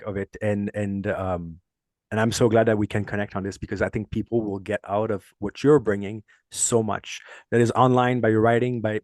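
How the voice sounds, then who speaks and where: A man's voice: fairly low pitch, no echo. French Canadian man, rambling, dry sound. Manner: earnest, rambling, laughs often while telling stories. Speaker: podcast host. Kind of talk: casual podcast chat.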